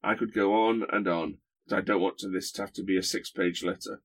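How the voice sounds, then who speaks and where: In a low, steady, brisk voice, a man guest-hosts a casual podcast conversation. He hesitates a lot, uses many fillers, and keeps the humour dry.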